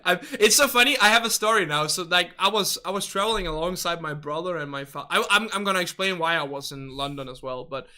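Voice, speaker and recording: A man's voice: sits high, fast talker, hardly any pauses, pushed and bright. A young man from Denmark, chatting casually with viewers as a livestreamer in a rambling, hesitant, politely hedging way. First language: Danish. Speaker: game livestreamer.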